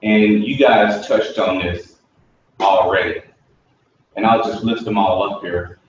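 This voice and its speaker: A man's voice: fairly low pitch, steady tone, slow. A man leading a staff training session, explaining in a conversational, anecdotal way. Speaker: workshop trainer. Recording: echoey room from a far mic, dull sound.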